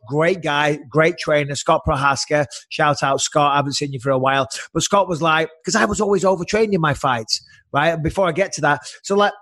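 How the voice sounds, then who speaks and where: A man's voice: fairly high pitch, no echo. A man co-hosting a podcast, telling profane stories in casual chat. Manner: profane, animated storyteller. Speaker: podcast co-host.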